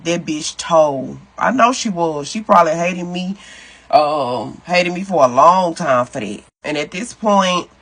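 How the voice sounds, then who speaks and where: Man, high bright voice, husky, sassy profane storytelling vlog. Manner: profane, animated, sassy, addresses viewers as "y'all" and "baby". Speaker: vlogger telling a personal story. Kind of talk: casual storytelling to camera.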